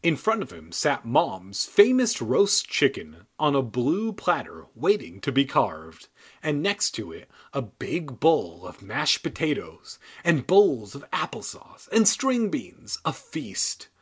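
A man reads a children's novel aloud with a husky, grainy voice, sliding over a wide pitch range. He keeps stopping for crude, irreverent jokes between passages. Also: wildly swooping pitch, slow pace. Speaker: comedic reader. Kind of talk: comedic book reading with riffs. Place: San Diego.

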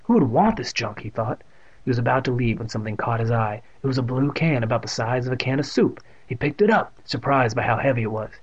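A man's voice: medium pitch, fast talker, husky. A man reading a children's book aloud and tossing in joking asides. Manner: adds joking asides to the text. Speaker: reader. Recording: muffled lo-fi recording.

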